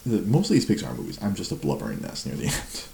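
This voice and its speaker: A man's voice: low-pitched, wildly swooping pitch, quick pace, gravelly, mellow, echoey room, a little hiss or hum. A man in his forties chatting casually at home at night, laughing a lot and mocking himself. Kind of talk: casual chat.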